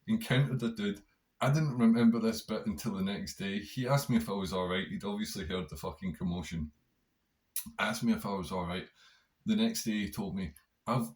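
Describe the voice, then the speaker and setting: A man with a Scottish accent, hosting a podcast, tells a story in a casual, animated way and swears a lot. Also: fairly low pitch. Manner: heavy swearing, animated, conversational. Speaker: podcast host.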